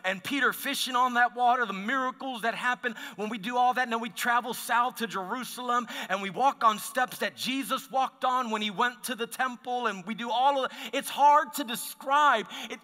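With a long reverb tail trailing his very high, sharp voice, a man preaches as pastor in a church sanctuary. He relates stories in a conversational manner, often breaking off and starting again.

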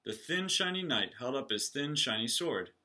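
A male teacher reads a children's picture book aloud, animated and expressive. His voice is strikingly bright and forceful, at a middle pitch. He sits close to the camera. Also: normal speed. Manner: animated storytelling. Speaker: reader, teacher.

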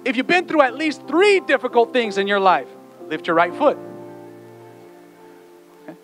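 Casting: high-pitched man, lively pastor preaching in church with music behind. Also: a little fast. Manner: animated, playful, acts out quotes, urges the congregation. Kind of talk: sermon.

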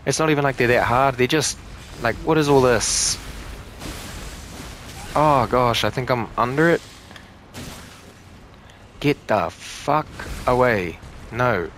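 A young gaming channel host does let's play commentary, joking, swearing, and talking back to on-screen enemies. His medium-pitched, slightly bright voice moves at a measured pace with frequent pauses over slight background noise.

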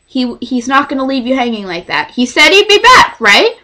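A woman voicing her calm young female friend who reassures her over the phone. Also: high-pitched, moderate pace, heavily acted. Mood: reassuring.

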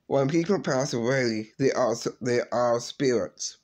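A man talks to his viewers in a slow, drawn-out way, stumbling and starting his sentences over. His voice sits at an ordinary middle pitch, and he sounds earnest and a little shaken. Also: a little mellow. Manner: halting, repeats and restarts words, grieving. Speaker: vlog host. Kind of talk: emotional personal vlog.

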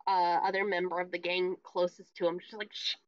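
A woman's voice: fairly low pitch, level tone, a little fast, no echo. Woman game master, offhand narration, lo-fi dry recording. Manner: casual, describing scenes offhand. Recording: dry, dull lo-fi mic.

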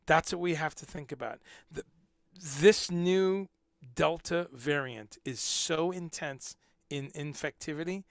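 Rambling gravelly-voiced man. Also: on the high side, measured pace, dry recording, clean studio sound. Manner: rambling, repeats words, swears. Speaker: livestream host. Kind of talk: casual livestream commentary.

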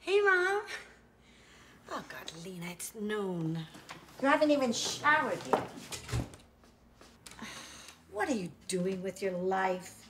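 A woman's voice: medium pitch, big pitch swings, slow, long pauses, fairly bright tone, a little hiss or hum. An actress playing a pushy, churchgoing mother who scolds her grown daughter in a short film. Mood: scolding. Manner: scolding, exasperated.

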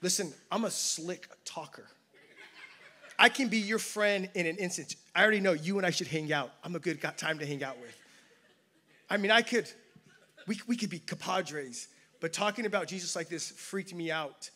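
A man's voice: high voice, moderate pace, bright, forceful tone. A man preaching a sermon as pastor, telling a personal story with self-deprecating humor. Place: church campus service.

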